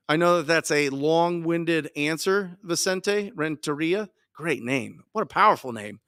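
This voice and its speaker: Fired-up guy coaching live, bit high voice, dry close mic, hammers the same points over and over. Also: unhurried, dry recording. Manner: energetic, emphatic, repeats key points. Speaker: podcast host and wholesaling coach.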